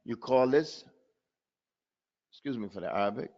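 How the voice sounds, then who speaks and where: In a live online recitation class, a man drills sounds again and again, folding Arabic terms into his explanations. His voice sits at medium pitch with a darkish tone, lively intonation and a normal pace. The audio is dull and lo-fi.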